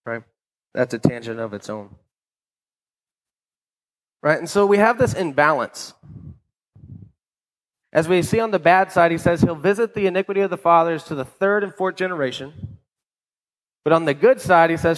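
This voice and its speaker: Speaking at a moderate pace with frequent pauses, a man with a voice on the high side preaches a sermon. He's conversational, repeatedly asking "right?" and echoing words as he restarts. The recording is low quality.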